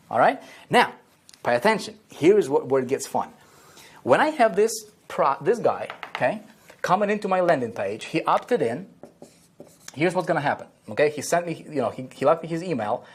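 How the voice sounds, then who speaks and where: A man's voice: a little high, husky. A man teaching online marketing at a whiteboard, repeating key phrases and checking in with "okay?" and "right?" after nearly every point.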